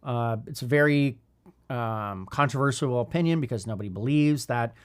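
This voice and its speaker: A man's voice: mid-range voice, moderate pace, smooth. A man in his thirties co-hosting a leadership podcast, talking in a thoughtful, rambling way with many restarts. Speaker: podcast co-host. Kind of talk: casual leadership podcast chat.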